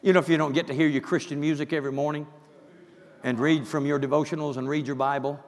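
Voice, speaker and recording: A man preaching a sermon, emphatic, dropping to hushed asides and rising to shouts. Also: on the high side, level tone, fast, long reverb tail.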